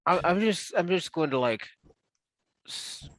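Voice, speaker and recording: A man's voice: on the high side, animated, measured pace, fairly bright tone, a little hiss or hum. A man playing in a tabletop game, talking hesitantly with many restarts. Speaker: player. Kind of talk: casual chat at a tabletop game.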